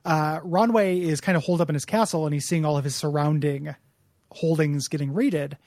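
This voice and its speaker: A podcast co-host with a voice on the high side, fairly even intonation, and a slightly mellow tone chats briskly while recapping a video game. He rambles, laughs as he talks, and acts out the characters' lines, in clean, dry studio sound with no room echo.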